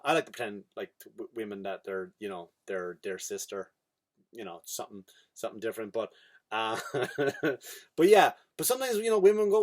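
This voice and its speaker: A man's voice: a little high, expressive, normal speed. An Irish man, a comedian and podcast host, doing a rambling, profane comedic monologue.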